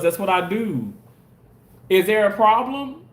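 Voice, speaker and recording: A man's voice: high voice, lively intonation, a little slow, reverberant. A man live streaming in a casual chat, reading viewer comments aloud and defensively arguing back at his critics. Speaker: live streamer and content creator.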